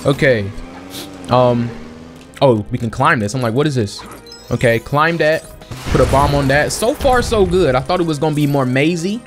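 A young man in casual let's-play commentary, excitable and slangy, talking to himself and his viewers while he plays, a little sniffly. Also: mid-range voice, moderate pace, over music. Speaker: gaming channel host.

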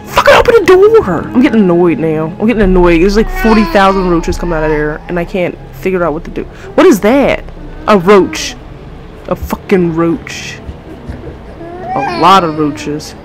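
A young woman playing a horror game, commenting to her viewers, easily frustrated and swearing often, with faint music behind her. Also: on the low side. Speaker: gamer.

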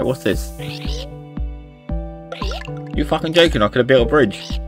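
A man's voice: on the low side, normal speed, pauses often, a bit bright, soft background music. A man streaming a video game, chatting casually with his viewers, joking and swearing now and then. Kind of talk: casual gaming stream chat.

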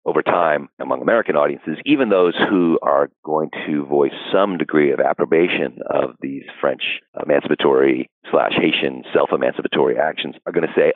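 A man's voice: very deep voice, a little fast, hardly any pauses, no echo. A man talking as a historian guest in a podcast interview, thoughtful and discursive with many fillers. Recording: dry, phone-like call audio.

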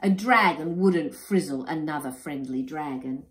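A woman's voice: deep voice, a little slow. A woman voicing a clever, confident young girl in a storybook reading. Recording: roomy echo.

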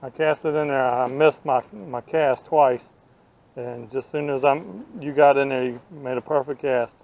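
A man's voice: mid-range voice, normal speed, vocal fry, phone-quality sound, a little hiss or hum. A man hosting a fishing vlog outdoors from a boat on a lake, chatting easily and coaching the boys. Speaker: fishing vlogger and host. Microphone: action camera.

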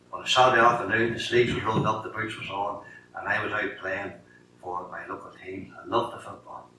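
A middle-aged man with a Northern Irish accent giving his testimony in a sermon, telling his story in an animated way and acting out the dialogue. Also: fairly low pitch. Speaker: lay preacher giving testimony. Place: church sanctuary. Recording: echoey church from a distance with faint noise.

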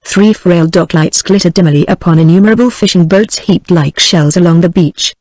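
A woman's voice: lowish voice, a little fast, dry recording, low-quality recording. British woman reading a story, dry. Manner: steady, even text-to-speech reading. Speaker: audiobook narrator. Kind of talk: scripted narration.

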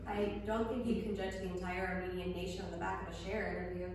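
A woman's voice: fairly low pitch, flat delivery, fast talker, darkish tone, lightly acted. A woman playing an earnest, exasperated woman who keeps correcting others in a scripted comedy sketch. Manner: patient correcting, then exasperated. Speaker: character in a comedy audio sketch. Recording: echoey room, distant mic, faint noise.

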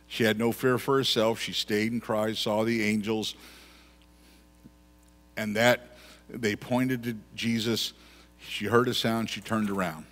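A man's voice: lowish voice, little pitch movement, unhurried, long pauses, a bit bright. Man preaching in a reverberant church. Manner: conversational preaching with repeated phrases. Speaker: pastor. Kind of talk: sermon. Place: church sanctuary. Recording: long church hall reverb.

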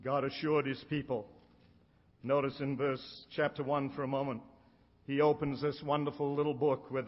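A middle-aged man preaching a sermon in an emphatic way, slowing down to stress his key lines. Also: a little high, flat delivery. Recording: dull sound with long hall reverb.

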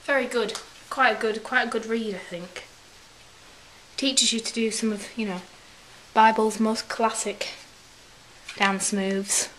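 A woman's voice: a little high, fairly even intonation, unhurried, pauses often, a bit bright. A young woman vlogger rambling through a story in a put-on English accent, acting out quotes in silly voices. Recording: echoey room with faint hiss.

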